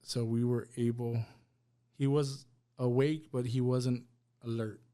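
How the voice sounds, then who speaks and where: A man's mid-range voice comes across flat and halting as he tells his personal story as a podcast guest in the studio. The storytelling is emotional; he repeats words and relays what others said without changing his voice.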